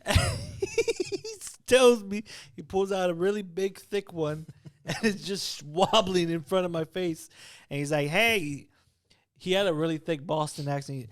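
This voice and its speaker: A man's voice: high-pitched, sing-song, measured pace. A young man co-hosting a podcast, telling a crude story in casual chat and giggling as he goes. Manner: giggles through his own story. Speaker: podcast co-host.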